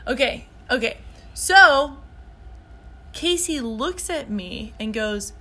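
A woman's voice: a little high, animated, slow pace, long pauses, bright, forceful tone. A woman in her thirties co-hosting a casual podcast, telling a story in a bubbly, gushing way. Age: 30s. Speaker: podcast co-host. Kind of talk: casual chat.

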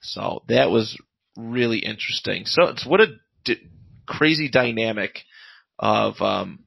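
A man with a gravelly, fry-edged voice talks through a comic plot in a loose, rambling way, stopping often on ums and uhs. He sounds close and dry, with no room around him. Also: fairly low pitch, lively intonation, measured pace, a bit bright, no room sound, low-quality recording. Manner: rambling recap full of fillers, paraphrasing lines. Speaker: podcast co-host reviewing comics. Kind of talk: casual chat recapping a comic.

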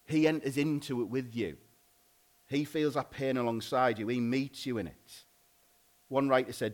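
A married man preaching a sermon in a loose, conversational way, often pausing and restarting. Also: mid-range voice. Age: adult, married. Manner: informal, conversational, frequent "like" and restarts.

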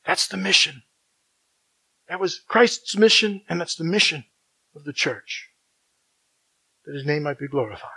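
High, bright-voiced male preacher. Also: expressive, a little slow, vocal fry, long pauses, husky, rough recording. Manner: dynamic preaching, swinging from loud emphasis to hushed near-whispers; emphatic repetition. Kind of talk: sermon.

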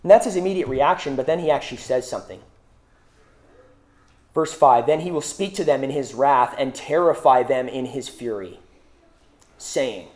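A young male preacher delivering a sermon in a relaxed, conversational style. He leans on rhetorical questions and casual fillers as he explains a scripture passage. His delivery is informal and unscripted. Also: medium pitch, normal speed, long pauses.

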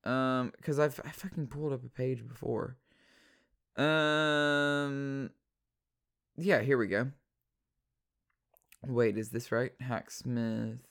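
A man's voice: medium pitch, steady tone, slow, gravelly, long pauses, fairly bright tone, clean tone. A man ranting casually in a rambling, profane and sarcastic way, full of fillers. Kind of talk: casual unscripted rant.

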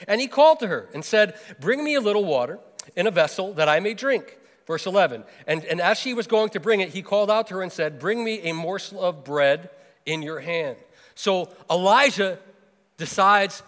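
High-voiced man preaching in a reverberant hall. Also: animated, moderate pace, a bit bright. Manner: conversational, explains and retells the story with many restarts. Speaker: pastor. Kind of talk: sermon.

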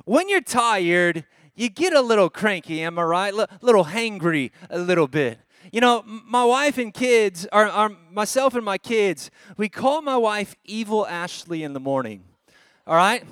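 High-voiced, energetic male preacher. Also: normal speed, clear, resonant tone, dry recording, studio quality. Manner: energetic, conversational preaching with asides. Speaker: guest preacher. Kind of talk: sermon. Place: church service.

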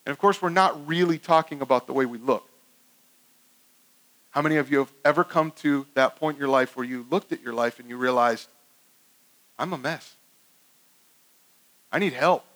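A male pastor preaching a sermon in an animated way, acting out quoted voices with many restarts. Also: mid-range voice, brisk, low-quality recording.

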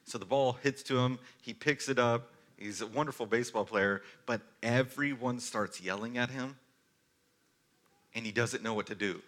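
A man in his thirties preaching a sermon as pastor, telling stories earnestly and moving between forceful and hushed delivery. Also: mid-range voice, normal speed. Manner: earnest storytelling, varies loudness from forceful to hushed.

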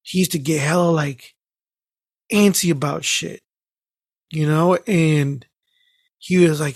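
A man with a high, bright-pitched voice rambles through everyday stories in a casual chat. He swears freely and breaks into laughter often. The sound is dry and close, with no room around it. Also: steady tone, takes it slowly, long pauses, breathy edge, no echo.

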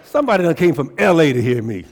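Husky-voiced preacher man, fiery then hushed. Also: fast, some chatter behind. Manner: preacherly, swings from shouting excitement to low hushed prayer. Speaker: pastor. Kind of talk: call-and-response sermon. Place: church sanctuary.

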